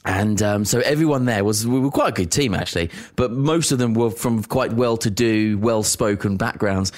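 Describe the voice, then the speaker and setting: A man's voice: on the low side, moderate pace. A man, chatting casually and telling stories on a podcast. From England. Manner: chatty, laughs often, tells stories. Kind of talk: casual chat.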